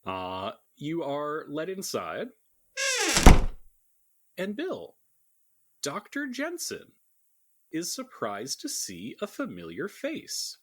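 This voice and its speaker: A man's voice: on the high side, wildly swooping pitch, slow, long pauses, a bit bright. A man narrating a tabletop role-playing game as game master, with wry joking asides.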